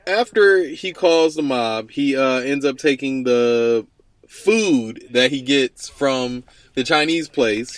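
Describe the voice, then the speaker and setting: A man co-hosting a casual movie recap, narrating the plot in a laid-back, steady way. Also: medium pitch, dry recording. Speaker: co-host.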